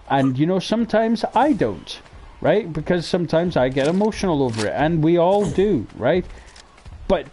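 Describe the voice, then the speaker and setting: A man hosting a casual talk show, ranting heatedly with lots of swearing, jumping between loud outbursts and low mutters. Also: slight background noise. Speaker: podcast host. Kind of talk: casual opinion rant.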